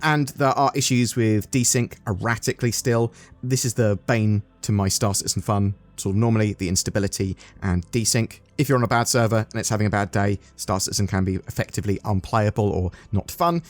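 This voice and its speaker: A man's voice: fairly low pitch, steady tone, brisk, faint music behind. An English man hosting a gaming news channel, talking casually and often saying "sort of". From England. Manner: chatty, often says "sort of".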